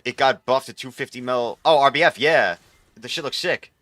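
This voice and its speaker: A young man streaming live, commenting on his gameplay in an excitable, profane, rambling way. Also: medium pitch, moderate pace, dry recording.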